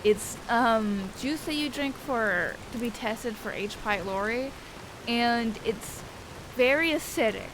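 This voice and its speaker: A woman's voice: on the high side, slow, noisy background. A young woman streamer telling a rambling, profane story in casual chat, often laughing. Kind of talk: casual chat while gaming.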